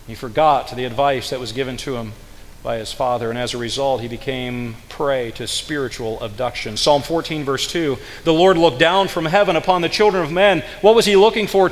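A man preaching a sermon, swinging between hushed low passages and loud emphatic peaks, and slowing right down when he quotes scripture. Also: big-room sound, slight background noise, rough recording. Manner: slow, drawn-out delivery when quoting scripture.

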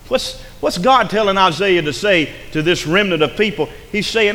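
A man's voice: high voice, lively intonation, normal speed, few pauses, bright, forceful tone. A man preaching a sermon as pastor, emphatic and repeating lines for effect. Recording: long hall reverb.

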